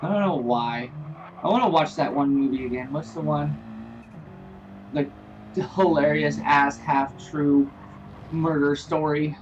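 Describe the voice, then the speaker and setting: Slow, jokey sim racing commentator. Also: mid-range voice. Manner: jokey, rambling, laughs often. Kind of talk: casual live race commentary. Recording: distant dull lo-fi mic with faint noise.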